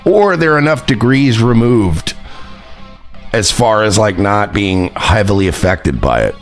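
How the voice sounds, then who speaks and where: A man's voice: on the low side, expressive, a little slow, faint music behind. A man hosting his own stream, rambling and mocking with heavy profanity and lots of fillers. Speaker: streamer and show host. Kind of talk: casual stream commentary.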